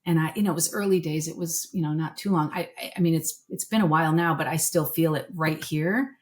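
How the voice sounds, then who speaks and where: Middle-aged woman vet as a podcast guest; candid, emotional storyteller with a fairly low pitch. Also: a little fast. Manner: candid, emotional storyteller, voice dropping softly when moved. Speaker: guest veterinarian. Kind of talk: conversational podcast interview.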